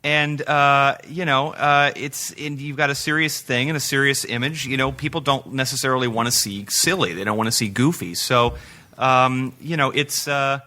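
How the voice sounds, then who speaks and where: A man's voice: medium pitch, normal speed, pushed and bright. A man being interviewed on a podcast, chatting casually with self-deprecating humor and frequent laughs. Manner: self-deprecating, laughs often, rambling asides. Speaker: guest singer.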